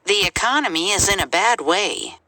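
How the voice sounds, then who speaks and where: A woman reading English example sentences aloud in a clear, measured way for a language lesson. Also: mid-range voice, lively intonation, pushed and bright, no room sound. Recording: noisy recording.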